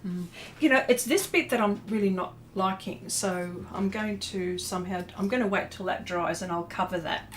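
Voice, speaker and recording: A woman's voice: mid-range voice, moderate pace, a little hiss or hum. A woman, chatting casually and laughing often as she paints on a livestream and answers her viewers. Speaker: artist livestreaming a painting session. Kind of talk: casual chat while painting.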